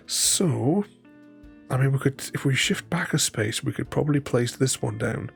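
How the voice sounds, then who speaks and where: Chatty man with a gravelly voice. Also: medium pitch, normal speed, soft background music. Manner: chatty, laughs often, thinks aloud and talks to chat. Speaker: board game streamer. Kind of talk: casual chat while playing a solo board game.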